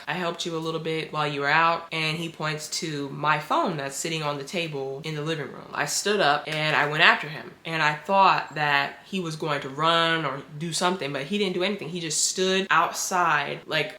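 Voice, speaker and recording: Low-voiced young woman telling a story. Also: pushed and bright. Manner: casual, dramatic storytelling with many likes. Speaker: vlogger. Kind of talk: storytime vlog narration. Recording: roomy room echo.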